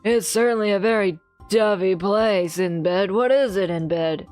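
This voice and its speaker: A grumbling, gravelly old man, played by a woman reading game lines on a stream speaks at a middle pitch. His comments come out dry and put-upon. Soft music plays underneath. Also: normal speed, natural voice. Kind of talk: voicing game dialogue aloud on a stream.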